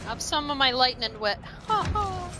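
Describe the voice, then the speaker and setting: A woman's voice: sits high, sing-song, normal speed, over music. A woman streaming a video game, chatting playfully and breaking into squeals and giggles.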